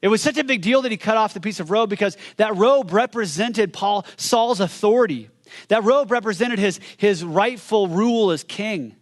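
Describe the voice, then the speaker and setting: Speaking at a normal pace, a pastor retells a story in his sermon with animated energy. He restarts phrases and drops low and quiet for the solemn moments.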